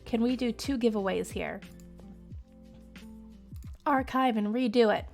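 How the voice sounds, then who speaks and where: A high-pitched young woman with a twang, chatting casually on a charity live stream. She is bubbly and laughs easily, and her delivery is unhurried. Faint music plays underneath. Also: creaky. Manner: excitable, laughs often, talks to chat.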